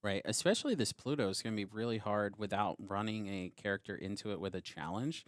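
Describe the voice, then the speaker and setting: A man's voice: on the low side, fast, dry recording, studio quality. A man giving analytical commentary on a card game match, explaining plays step by step.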